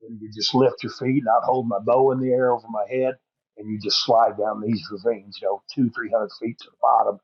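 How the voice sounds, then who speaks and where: A man's voice: mid-range voice, level tone, a little fast, breathy edge, no echo, highs cut off. A middle-aged man telling a long hunting story on a podcast, rambling and folksy with plenty of fillers. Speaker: podcast guest. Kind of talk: casual storytelling.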